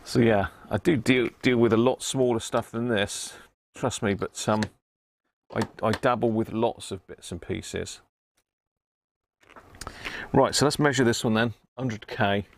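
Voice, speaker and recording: Man, Devon accent, middle-aged, gravelly, thinking aloud, chatting with viewers, faint background hiss. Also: on the low side, measured pace. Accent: Devon English. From Devon, England. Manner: thinks aloud, mutters readings, chats with viewers. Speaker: radio repair livestream host. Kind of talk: casual live-stream chat while repairing.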